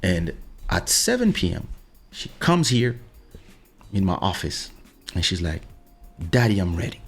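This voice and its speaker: Faint music plays as a podcast host in his home office speaks a little slowly into a studio USB mic; his low, husky voice is fairly bright and swings hugely in pitch. He shares a personal story casually yet insistently, repeating "listen" to press each point.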